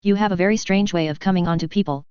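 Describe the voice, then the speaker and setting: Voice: mid-range voice, quick pace, darkish tone, smooth, no room sound, lo-fi sound, lightly acted. A narrator voicing a modest young male student who cooks, speaking wryly and with understatement. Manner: wry, understated.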